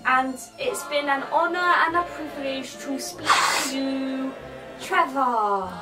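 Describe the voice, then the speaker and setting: A woman's voice: sits high, slow pace, rough recording. A woman hosting a comic show, bantering jokily and tacking "mate" onto her lines. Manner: jokey, tacks 'mate' onto lines. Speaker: show host. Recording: off-mic with loud music behind.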